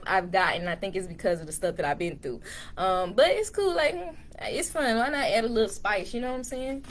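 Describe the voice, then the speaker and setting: A woman's voice: mid-range voice, a bit bright. A woman from Dallas with a Texas accent, chatting laid-back in a casual vlog, recorded on a phone camera in a dim room at home. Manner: laid-back, chatty, addresses viewers as y'all. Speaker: vlogger. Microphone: phone camera on a tripod.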